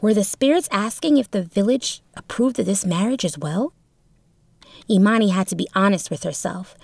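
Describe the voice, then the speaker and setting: A woman narrates a novel chapter in a steady, expressive reading voice. Her pitch sits in the middle range. The recording is close and dry. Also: moderate pace, creaky, no echo. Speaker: audiobook narrator. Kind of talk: storybook narration.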